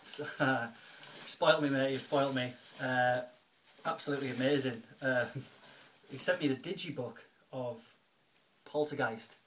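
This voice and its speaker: A man talks through an unboxing in a relaxed home vlog, full of ums, restarts and repeated thanks. His voice sits at an ordinary middle pitch. A faint hiss stays under the recording. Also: unhurried. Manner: chatty and grateful, lots of fillers and restarts. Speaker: video blogger, film collector.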